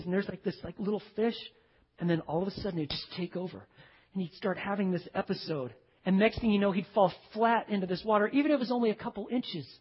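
A male pastor preaching a sermon, emphatic, dropping to hushed low phrases and speaking straight to his congregation. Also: breathy edge. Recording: dull recording with long hall reverb.

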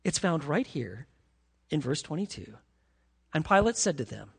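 A man preaching a sermon as pastor, emphatic and animated, reading scripture dramatically. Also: on the high side, moderate pace, gravelly, pauses often, breathy edge, long reverb tail.

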